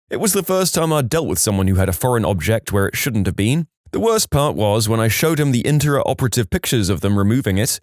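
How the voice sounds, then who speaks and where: A man reads submitted stories aloud in a scripted storytime style, his voice swinging up and down with lively, animated pitch. He drops in wry joking asides between the tales. The recording is close and dry, with no room sound. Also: no echo. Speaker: narrator of reader-submitted stories.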